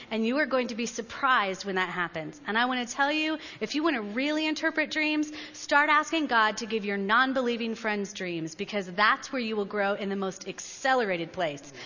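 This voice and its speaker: Woman preacher, sermon storytelling, bright sharp tone, echoey hall, dull sound. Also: fairly high pitch. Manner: animated, laughing storyteller.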